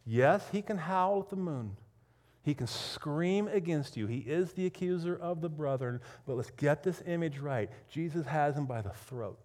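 A man preaching a sermon as pastor, telling a story with emphatic repetition and swinging between loud intensity and hushed whispers. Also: fairly high pitch, animated, moderate pace.

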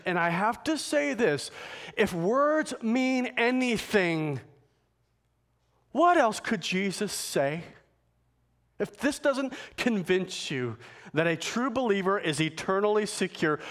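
A man preaching a sermon, building to emphatic, forceful points. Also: high voice, very animated. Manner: emphatic preacher, rising to forceful climaxes, slow deliberate phrasing. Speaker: pastor.

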